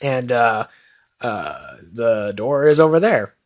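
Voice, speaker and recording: A man in an amateur comedy sketch portrays a jittery brother standing in as talk show host, stammering and rambling through hesitant stories packed with fillers. He speaks slowly in a mid-range voice with big pitch swings.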